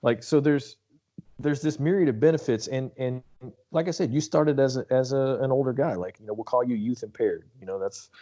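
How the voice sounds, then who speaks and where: Brisk and dark-toned, this middle-aged man's mid-range voice carries a laid-back, wandering podcast interview that he hosts. He seems to be in his late thirties or older.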